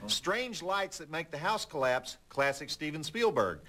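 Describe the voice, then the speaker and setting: A middle-aged man hosting a late-night movie show, telling stories and jokes in a wry, deadpan way. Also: on the high side, unhurried. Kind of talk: folksy TV host patter and joke telling.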